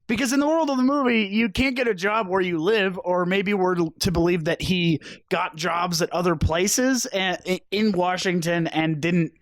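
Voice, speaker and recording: A man's voice: sits high, normal speed, hardly any pauses, no room sound. A young man co-hosting a podcast, rambling through a movie recap with sarcastic, crude jokes. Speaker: podcast co-host. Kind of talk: casual chat.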